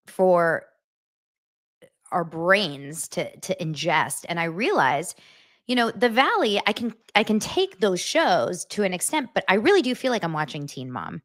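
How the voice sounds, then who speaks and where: Animated chatty woman gossip host. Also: medium pitch. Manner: chatty, animated, acts out quotes in exaggerated voices. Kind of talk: casual chat.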